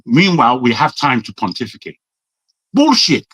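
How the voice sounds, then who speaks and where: A man's voice: on the high side, very animated, moderate pace, a bit bright, no echo, low-quality recording. A man from Nigeria ranting in a live online debate, exasperated, swearing and repeating himself for emphasis. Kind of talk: heated debate rant.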